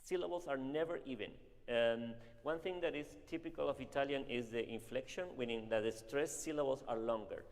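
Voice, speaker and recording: A man coaching a singer in a masterclass, talking in an animated, emphatic and dramatic way. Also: medium pitch, brisk, hardly any pauses. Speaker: voice teacher. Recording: reverberant hall with music.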